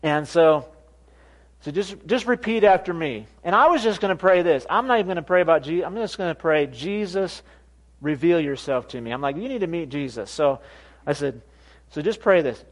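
Male pastor with a light, high voice; lively, laughing sermon storyteller. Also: a little fast. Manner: animated, laughing storyteller who acts out quoted voices. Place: church sanctuary.

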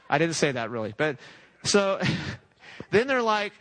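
A man's voice: sits high, expressive, normal speed, long pauses, fairly bright tone, no echo, poor audio. A man preaching a sermon, telling a testimony story in a chatty way, chuckling and acting out what people said. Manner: chatty, laughs at his own story, acts out voices. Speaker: pastor.

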